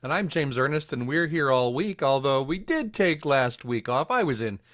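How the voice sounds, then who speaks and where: A man's voice: mid-range voice, expressive, moderate pace, fairly bright tone, no echo, studio quality. A man co-hosting a podcast in casual chat, wry and self-deprecating as he talks. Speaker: podcast co-host.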